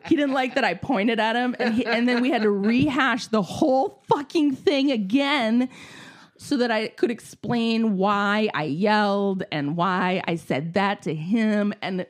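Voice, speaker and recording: Woman, casual chat, lively storyteller, acts out quotes, swears freely, mid pitch. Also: moderate pace.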